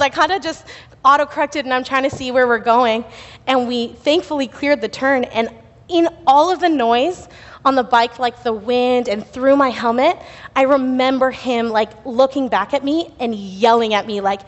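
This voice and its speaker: A woman's voice: sits high, moderate pace. A young woman giving a sermon in church, telling a personal story in a chatty, laughing way. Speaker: youth speaker at church. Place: church sanctuary. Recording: reverberant church hall.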